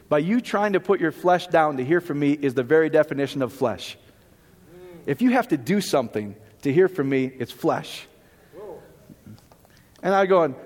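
High-voiced animated male preacher in a hall. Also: fairly quick. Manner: animated, jokey, rhetorical questions. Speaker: pastor. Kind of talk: sermon.

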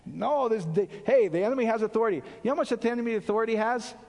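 A male pastor preaching an animated sermon, quizzing his audience and answering his own questions. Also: very high voice, very fast. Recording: long hall reverb.

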